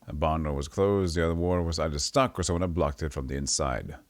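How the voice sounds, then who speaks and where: A fast-talking man with a very deep voice reads a retro role-playing game's text aloud while streaming from home. He chats casually and animatedly, often stumbling and correcting himself. The recording is dry.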